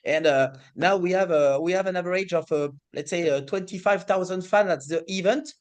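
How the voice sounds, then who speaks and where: A middle-aged man with a French accent, a racing series president answering interview questions in halting English with many fillers. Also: high-pitched.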